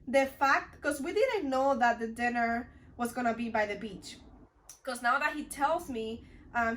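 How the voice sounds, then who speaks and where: A young woman from the Dominican Republic telling a storytime vlog in a chatty, rambling way, full of "like" and restarts. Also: on the high side. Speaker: vlogger. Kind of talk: casual storytime chat.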